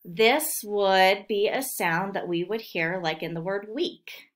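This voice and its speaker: Slow, patient woman teaching phonics. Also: mid-range voice. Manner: patient, sounding out words slowly. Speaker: second grade teacher. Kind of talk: remote phonics lesson.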